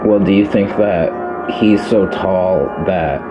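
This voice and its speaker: A man guest in a comedy podcast, wry and rambling with deadpan complaints. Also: deep voice, slow pace, dull audio. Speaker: podcast guest, host's brother. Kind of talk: comedy sketch and casual chat. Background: background music.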